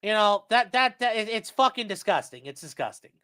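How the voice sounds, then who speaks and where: Profane, shouting legal livestreamer man. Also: sits high, brisk, clear, resonant tone. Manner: profane, shouting tirades between deadpan readings of court orders. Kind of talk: livestream rant.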